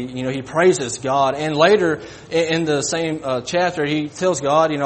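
A man preaching a sermon, halting and folksy, often repeating his words. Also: a little high, a little hiss or hum.

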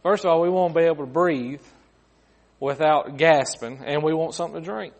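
A man's voice: high-pitched, normal speed. A man preaching a sermon in a folksy way, often repeating his words and adding humorous asides.

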